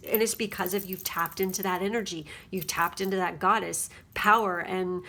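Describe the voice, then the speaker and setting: A woman's voice: medium pitch, fairly quick, hardly any pauses, sharp tone. A woman giving a casual spiritual card reading at home, rambling and chatty and often checking in with her listeners. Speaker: tarot card reader.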